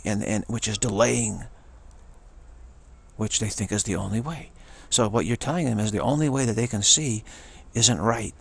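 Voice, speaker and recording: A man of middle pitch talks through a spiritual monologue with a gravelly, creaky edge and a husky, slightly breathy tone. He speaks earnestly and circles back to the same phrases again and again. He often slips into short imagined exchanges as he talks. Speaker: spiritual commentator.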